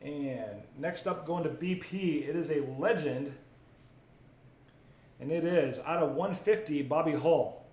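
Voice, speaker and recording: A man's voice: a little high, unhurried, a little mellow. A man hosting a live card break, chatting casually while opening packs and reading out viewer comments. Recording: roomy echo, faint ambient noise.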